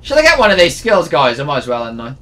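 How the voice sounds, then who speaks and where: A young man chats and jokes while gaming, excitable and teasing. His voice is high and bright, and his pitch bounces around a lot. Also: quick pace. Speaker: gaming channel co-host. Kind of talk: casual gameplay banter.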